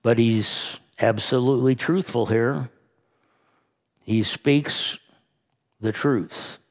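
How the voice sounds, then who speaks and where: A man pastor preaching a sermon, slow and emphatic, rising and quickening when he retells scenes. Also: medium pitch.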